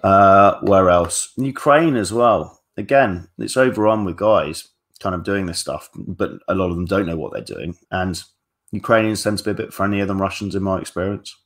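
A man's voice: deep voice, normal speed. A man working as a dating coach, answering viewer questions on a live stream in a casual, blunt and frank way, swearing freely.

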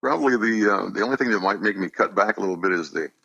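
An older man chatting as an interview guest, low and gravelly with a slightly husky edge. He talks in an easygoing, self-deprecating way, his pitch moving freely as he tells stories. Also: quick pace, pushed and bright, dry recording, lo-fi sound. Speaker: voice actor guest. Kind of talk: casual interview chat.

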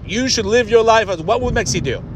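A man's voice: high-pitched, lively intonation, brisk, noisy background. A man hosting a podcast, delivering a blunt, profane, exasperated rant. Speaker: podcast host. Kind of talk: ranting podcast monologue.

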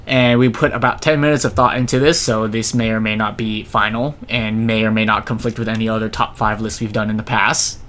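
A man's voice: on the low side, steady tone, a little fast, hardly any pauses, fairly bright tone. A young man co-hosting a podcast in casual banter, teasing his friend and swearing offhandedly. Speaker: podcast co-host.

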